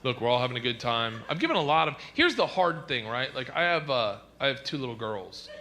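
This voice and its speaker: A male stand-up comedian telling brash, animated stories with big shouted punchlines, recorded live on a comedy stage through a handheld stage mic. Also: medium pitch, a little fast, a little hiss or hum. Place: comedy stage in front of an audience.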